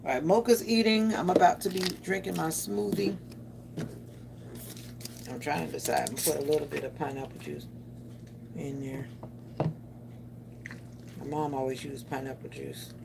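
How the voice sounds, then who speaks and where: A woman with a low voice and a Southern country twang talks to her viewers in a rambling, easygoing way. She chats while busy at home. Clicks and crinkling from the kitchen come through clearly behind her. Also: steady tone, moderate pace, pauses often, noisy background. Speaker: vlogger. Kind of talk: casual vlog chat while cooking.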